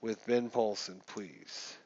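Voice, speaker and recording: Man, casual game commentary, unhurried, thinks aloud; muffled lo-fi sound. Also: on the low side, steady tone, a little mellow, dry recording. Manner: chatty, thinks aloud, mutters rules while rolling. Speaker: gamer playing a baseball sim.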